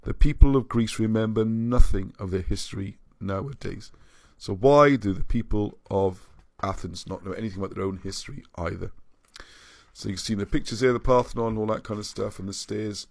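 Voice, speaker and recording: A man's voice: on the low side, fairly quick, gravelly, no echo. A man hosting a livestream and reading out viewer comments, rambling and often restarting his sentences. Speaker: livestream host.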